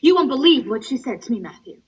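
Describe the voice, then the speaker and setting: A woman's voice: high-pitched, very animated, fast, slightly rough, far from the mic, muffled recording, exaggerated voice. A young woman student actor voicing an aspiring writer who pours her frustration into a letter, in an emotional monologue over a video call. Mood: indignant. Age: young adult. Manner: indignant, emotional. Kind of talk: dramatic monologue reading a letter.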